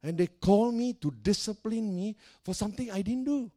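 A middle-aged man preaching a lively storytelling sermon, laughing often and swinging between loud and soft. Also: sits high, moderate pace. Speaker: pastor.

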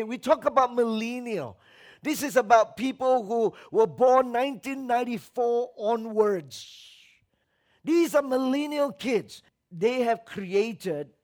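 A man preaches a sermon in a high, raised voice, emphatically calling on the congregation to answer. He mocks others' voices as he quotes them, swinging between loud exhortation and low, quiet asides.

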